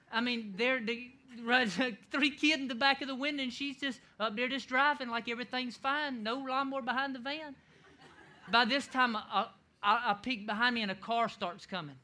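A middle-aged male pastor telling a funny story in a sermon, laughing often and shouting the lines he quotes. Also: very high voice.

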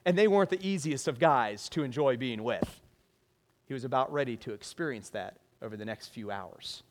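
A man's voice: mid-range voice, lively intonation, moderate pace. A male pastor delivering a conversational sermon, often asking the congregation rhetorical questions.

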